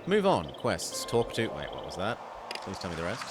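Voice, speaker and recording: A man's voice: low voice, expressive, normal speed. A man streaming a game for the first time, reading its dialogue aloud and commenting as he plays. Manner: reads game text aloud and comments between lines. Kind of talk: casual game let's play with dialogue read aloud. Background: game music.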